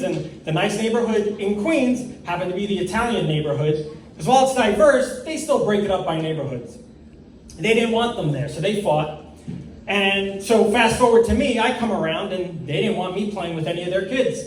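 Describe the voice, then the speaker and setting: A man's voice: high voice, lively intonation, normal speed, a little hiss or hum. A young man from New York doing a stand-up comedy set on stage, with a rehearsed, slightly stiff delivery and long setups. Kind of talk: stand-up set at an open mic. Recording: echoey room, mic far off.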